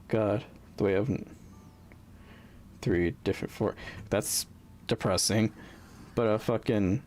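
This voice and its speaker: A man's voice: lowish voice, darkish tone, a little hiss or hum. A young man streaming, telling a bitter story in a rambling, heavily profane way, full of fillers and restarts. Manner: bitter, venting. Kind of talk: casual storytelling on a livestream.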